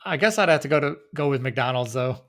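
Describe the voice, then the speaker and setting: A man's voice: medium pitch, lively intonation, fast, fairly bright tone. A man co-hosting a podcast in casual chat, easygoing and hesitant, often giving short answers. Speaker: podcast co-host.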